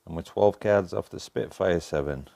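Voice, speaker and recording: Deep-voiced Yorkshire man chatting on stream. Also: moderate pace, vocal fry, dark tone. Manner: swears freely, chatty banter with viewers. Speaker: game streamer. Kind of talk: casual live-stream chat.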